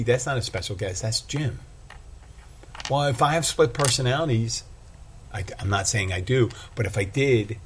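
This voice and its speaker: A man's voice: fairly low pitch, a little hiss or hum. A male bartender hosting his own podcast, talking alone in a rambling, self-deprecating way. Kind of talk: casual solo monologue.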